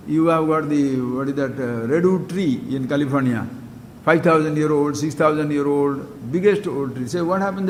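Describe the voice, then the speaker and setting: Spiritual teacher, man, high voice, keeps firing questions at the crowd, big echo in the hall. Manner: emphatic, questions listeners directly, wide swings in pitch and loudness. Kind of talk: spiritual discourse to a gathering. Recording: long hall reverb with faint background hiss.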